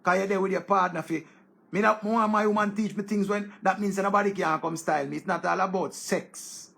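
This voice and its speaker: A Jamaican man talking loosely as a show host. His voice sits fairly high and carries a gravelly rasp. He gets excitable, repeating words and crying out. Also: fairly quick. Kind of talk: casual commentary in Patois-laced English.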